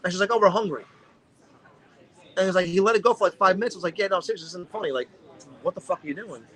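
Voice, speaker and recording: Podcast co-host, male, higher voice, quick and profane storyteller. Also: sharp tone, low-quality recording. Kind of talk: casual podcast chat.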